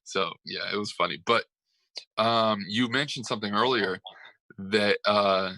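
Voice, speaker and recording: A man's voice: on the low side, a little slow, pushed and bright, dry recording, rough recording. A man co-hosting a casual sports talk show, telling stories in a rambling way with lots of fillers and laughs. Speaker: sports podcast co-host.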